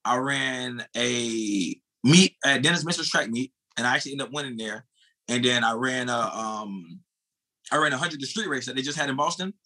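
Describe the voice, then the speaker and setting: A man in his thirties from the United States, a former sprinter telling a race story in animated, casual talk, swearing and calling the host bro. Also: medium pitch, moderate pace.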